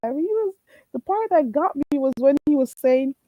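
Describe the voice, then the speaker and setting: A woman hosting a casual livestream, spinning gossipy stories with lots of energy. Her voice is warm and mellow, and it sounds dry and close with no room around it. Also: sits high, no room sound, rough recording. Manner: animated gossipy storytelling, quick laughs. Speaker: livestream host. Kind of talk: casual livestream chat, reading viewer comments.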